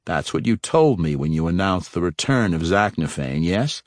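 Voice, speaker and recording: A man narrating a fantasy story, voicing a sly, probing male dark elf rogue in his own low voice. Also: big pitch swings, normal speed, no room sound, studio quality. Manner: probing, slyly teasing.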